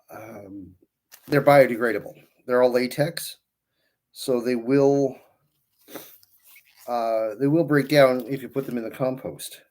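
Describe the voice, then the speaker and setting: Hosting a live balloon-twisting stream, a man speaks slowly and without hurry in a middle-pitched, somewhat dark voice. He calls viewers by name and meanders into friendly asides, hands busy the whole time he chats.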